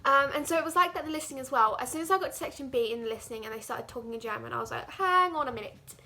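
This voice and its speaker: Teen girl, high voice, chatty, rambling vlog talk, from England. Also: steady tone, rapid-fire, bright, forceful tone. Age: teens. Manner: chatty, rambling, heavy use of "like". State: out of breath. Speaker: vlogger. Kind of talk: casual vlog chat.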